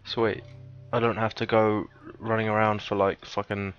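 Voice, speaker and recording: A man giving cheeky, casual gameplay commentary, swearing often and breaking into sudden high, excited yelps. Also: moderate pace, clean tone, highs cut off, soft background music. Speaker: let's player.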